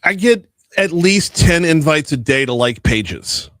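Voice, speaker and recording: Give me a high-voiced talk radio host, dry close studio mic. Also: male voice, unhurried, no echo. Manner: rambling, animated, self-interrupting. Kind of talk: casual on-air banter.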